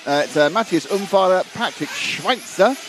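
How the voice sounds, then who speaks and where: A man's voice: sits high, lively intonation, normal speed, a crowd in the background, rough recording. A man doing live commentary on a model car race, chatty and reading out viewer comments.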